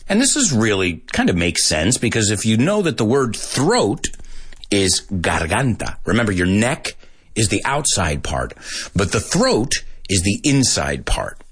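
Lively husky-voiced man teaching English. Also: lowish voice, unhurried. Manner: animated, switches between English and Spanish, laughs often. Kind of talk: casual bilingual vocabulary lesson.

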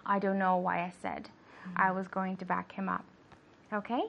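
A woman's voice: lowish voice, flat delivery, normal speed, gravelly, fairly bright tone, a little hiss or hum. Patient woman teaching English. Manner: patient, encouraging, says "okay" often. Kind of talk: bilingual language lesson.

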